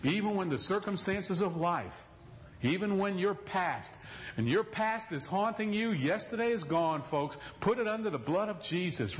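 A man's voice: high-pitched, dull audio. A male pastor preaching a sermon in a folksy, emphatic storytelling manner, recorded in a church.

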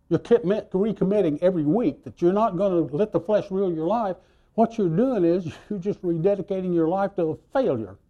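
Male preacher, mellow and slightly high voice, animated storytelling sermon with sudden loud and soft turns. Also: dull audio.

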